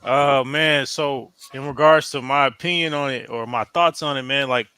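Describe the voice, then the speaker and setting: A man in a casual chat, talking in an easygoing, candid way with relaxed slang. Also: mid-range voice, normal speed, clear, resonant tone, dry recording, soft background music.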